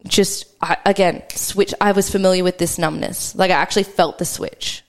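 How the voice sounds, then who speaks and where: Soft-spoken woman telling a personal story. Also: fairly low pitch, fairly even intonation. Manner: reflective, halting, heavy use of "like". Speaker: podcast guest.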